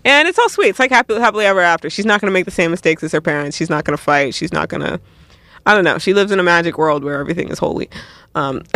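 A young man giving casual, animated commentary on music videos, laughing often and cutting himself off mid-sentence. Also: on the high side, dry recording.

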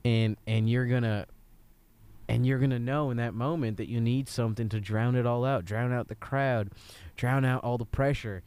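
A man's voice: medium pitch, steady tone, racing, hardly any pauses, clean tone, dry recording, natural voice. A man playing a brash football head coach in an improvised comedy sketch, giving a rambling pep talk with a slipping Southern drawl. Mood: blustering.

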